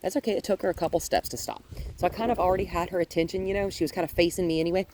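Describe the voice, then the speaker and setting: A woman dog trainer walking a dog outdoors, explaining her steps calmly and praising the dog in a high, happy voice. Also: very fast. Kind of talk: hands-on training demonstration. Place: outdoors in a yard with trees. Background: faint wind.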